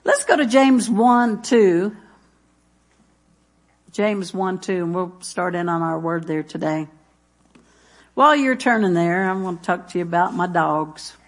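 A woman's voice: on the low side, expressive, a little slow, pauses often. A woman preaching in a church, chatty and folksy, telling homey stories and reading scripture between laughs. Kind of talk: sermon with jokes and scripture reading.

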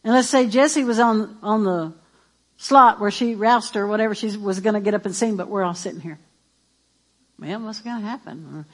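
A woman preaching a sermon in an animated, emphatic and playful way. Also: medium pitch, fairly quick.

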